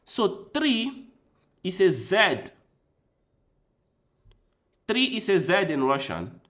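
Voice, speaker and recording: A man's voice: sits high, very animated, slow pace, pauses often, a bit bright. A man streaming chess live, chatting casually with his audience and thinking aloud as he tries out foreign words.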